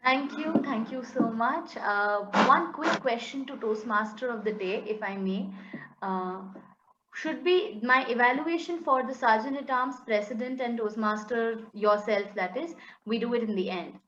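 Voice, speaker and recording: Woman, meeting evaluator, encouraging, measured, slightly high voice, echoey dull video-call sound. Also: a bit bright, slight background noise. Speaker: general evaluator at a speaking club meeting. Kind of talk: giving spoken feedback on an online meeting.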